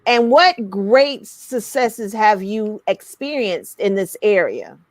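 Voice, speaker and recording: A woman's voice: mid-range voice, big pitch swings, slow, no room sound. A woman hosting a radio interview, asking winding, searching questions. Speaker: interview host.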